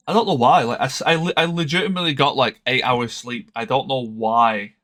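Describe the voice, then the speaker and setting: Male streamer, mid-pitched, sleepy, musing aloud over game choices. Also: fairly quick, a bit bright. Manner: thinking aloud, hesitant, trails off. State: tired, yawning. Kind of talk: casual game commentary.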